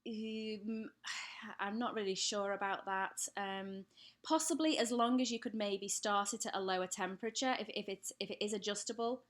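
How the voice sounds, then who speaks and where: A woman's voice: mid-range voice, moderate pace. A woman with an English accent hosting a live stream, chatting as she reads out viewer comments and answers them. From England. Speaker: pet channel host. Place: home, lit by daylight.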